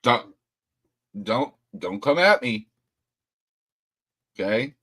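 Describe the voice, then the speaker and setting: Brief: low-voiced man streaming from home, blunt and foul-mouthed, pitch swinging wide, dry close sound. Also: sing-song, a little slow, fairly bright tone, no room sound. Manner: blunt, profane, ranting. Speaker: livestream host. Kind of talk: casual livestream talk.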